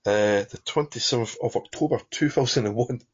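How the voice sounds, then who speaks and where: On a football podcast, a Scottish co-host talks in long, rambling turns packed with fillers, restarts, and chuckles. His mid-range voice is brisk and slightly rough, and the podcast audio is dull and lo-fi.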